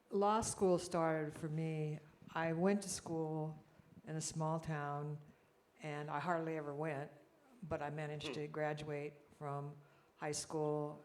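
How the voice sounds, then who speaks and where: Dry-humored woman judge, even-toned. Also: sits low. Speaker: judge and panelist. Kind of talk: personal storytelling at a conference plenary.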